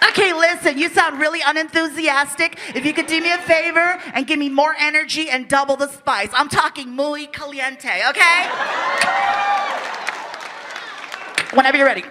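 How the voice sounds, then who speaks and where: A man voicing a brisk, upbeat woman casting director in a stand-up comedy impression, chirpy and businesslike. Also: very high-pitched, a crowd in the background, noisy background, voice pushed up. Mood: chipper.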